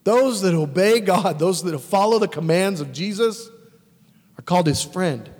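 A man preaching a sermon as a pastor, animated and emphatic, swinging between exclamations and quiet asides. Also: high voice, moderate pace, in a large hall.

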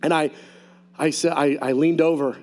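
A man preaching a lively sermon testimony to a congregation, telling his story with animated, shouted outbursts. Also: on the high side, moderate pace.

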